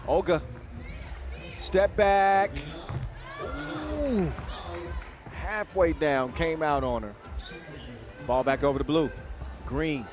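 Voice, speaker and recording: A man calling a basketball game live, quick and jokey, with excited bursts on big plays. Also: a little high. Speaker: play-by-play commentator. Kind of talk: live sports commentary. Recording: commentary over loud arena music and crowd.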